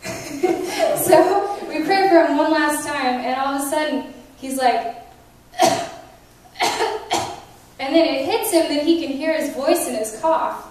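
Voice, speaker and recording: High-voiced woman sharing testimonies. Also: unhurried, slight background noise. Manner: animated retelling with quoted dialogue, laughs between lines. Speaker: conference speaker sharing testimonies. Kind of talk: testimony storytelling. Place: large conference hall. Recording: echoey hall, voice from a distance.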